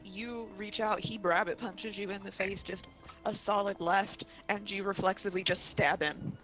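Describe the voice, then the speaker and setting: Gravelly-voiced game master, halting. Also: male voice, high-pitched, steady tone, pushed and bright, soft background music. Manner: halting, laughs often. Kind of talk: narrating a tabletop game.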